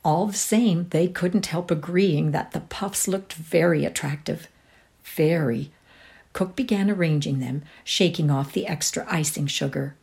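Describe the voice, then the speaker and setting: A woman's voice: measured pace, creaky. A woman with a Canadian accent giving a dramatic reading of a short story, acting out each character's lines. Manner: voices each character with lively shifts in pitch. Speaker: reader.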